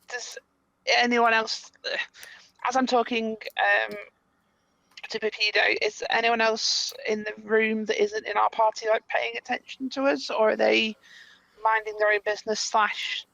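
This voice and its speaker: A woman's voice: a little high, flat delivery, measured pace, gravelly, pauses often, a bit bright, dry recording. A woman with an English accent, a player in a tabletop game, asking questions casually. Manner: casual, asks questions in character play. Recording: dull dry lo-fi recording.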